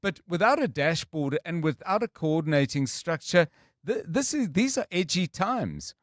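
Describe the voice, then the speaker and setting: A man's voice: a little high, big pitch swings, normal speed, dry recording, studio quality. A South African man hosting a talk radio show, conversational as he reads out listener messages. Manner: conversational, chuckles while reading listener messages. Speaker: radio host.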